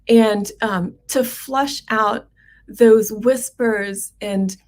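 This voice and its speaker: Middle-aged lady doc on a livestream, slow gentle musing, kinda high voice. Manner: gentle, unhurried, musing with many pauses. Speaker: physician hosting a livestream. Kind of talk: reflective livestream talk.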